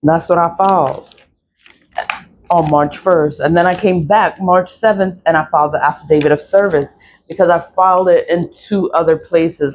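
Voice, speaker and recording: A woman's voice: lowish voice, a little mellow, slight background noise. A woman ranting casually to camera, frustrated and blunt, swearing freely as she talks. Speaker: litigant talking to camera.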